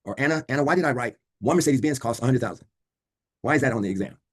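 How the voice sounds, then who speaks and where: A man's voice: medium pitch, animated, very fast, slightly rough. A man teaching a law class over a video call, quizzing students and repeating key points. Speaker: law instructor. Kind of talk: online class lecture.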